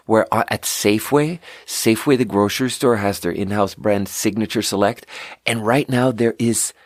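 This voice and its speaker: A man's voice: fairly low pitch, dry recording, clean studio sound. A man hosting a podcast, telling a story in a rambling, casual way full of fillers and restarts. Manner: rambling, filler-heavy, animated retelling. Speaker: podcast host.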